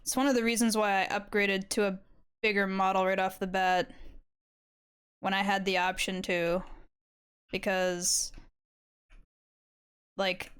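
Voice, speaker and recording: Young woman, live art streamer, casual rambling chat, frequent swearing, mid-pitched voice. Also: fairly bright tone, clear, resonant tone. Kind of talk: casual chat while drawing.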